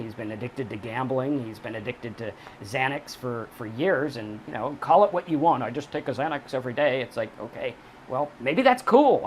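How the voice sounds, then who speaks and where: A man talks straight to the camera with blunt, profane advice, circling back to the same points again and again. His voice sits at an ordinary pitch for a man. A faint hiss of background noise runs under the recording. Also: a bit bright. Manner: blunt, profane, emphatic, repeats key points. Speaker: recovery channel host. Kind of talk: direct-to-camera advice monologue.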